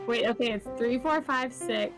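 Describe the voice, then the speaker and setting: A woman's voice: mid-range voice, slow, music in the background. A woman streaming a game, giggly, reading character lines aloud.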